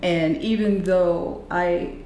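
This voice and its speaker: A middle-aged woman giving a heartfelt documentary interview, telling warm family stories and growing emotional in places. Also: fairly low pitch, steady tone, slow pace, reverberant, soft background music. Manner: heartfelt, storytelling, softening into emotion. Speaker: interviewee, eldest daughter.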